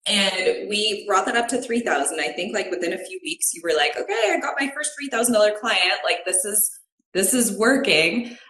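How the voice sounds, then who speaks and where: A woman coach interviewing a client in a casual, quick, chatty way, full of fillers. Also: medium pitch, lively intonation, sharp tone. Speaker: relationship coach and host. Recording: roomy echo.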